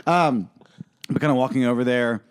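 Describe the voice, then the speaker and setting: A man's voice: medium pitch, normal speed, clean tone. A man co-hosting a podcast in casual chat, joking and laughing often. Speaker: podcast co-host.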